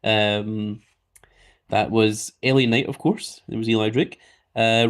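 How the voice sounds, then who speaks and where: A man's voice: lowish voice, fairly even intonation, takes it slowly, smooth. A Scottish man live streaming in a casual way, reading viewer comments aloud and chatting back. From Scotland.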